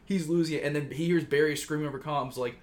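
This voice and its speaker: A man casually pitching a story on a chat show, rambling and swearing, acting out the characters' lines. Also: fairly even intonation, fast talker. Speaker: podcast co-host pitching a story.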